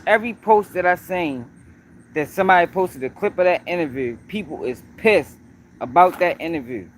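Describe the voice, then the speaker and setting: A man's voice: high voice, expressive, moderate pace, a little hiss or hum. Emphatic man ranting on a livestream. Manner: emphatic, repetitive, addresses viewers directly. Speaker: news commentary host. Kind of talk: livestream commentary.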